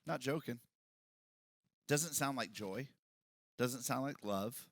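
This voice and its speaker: A male pastor preaching a sermon, swinging from quiet talk to loud shouted passages. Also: mid-range voice, slow pace, no echo. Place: church hall with congregation.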